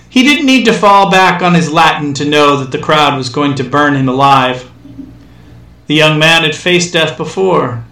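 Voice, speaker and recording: Bright, wry male storyteller, echoey. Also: a little high. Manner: wry, dry comic timing. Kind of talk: scripted narration. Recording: echoey room, distant mic.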